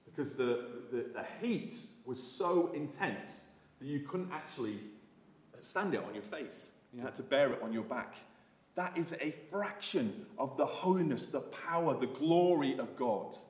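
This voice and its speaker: A man giving a sermon as a visiting preacher, casual and animated, with many fillers and restarts. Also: mid-range voice, unhurried, roomy sound.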